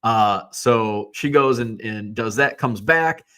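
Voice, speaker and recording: A man's voice: lowish voice, slow, a bit bright. A man telling a personal story in a rambling, casual way, with loose swearing and plenty of quoted back-and-forth. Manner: rambling, conversational, swears casually, retells scenes in quoted voices. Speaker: hobby vlogger.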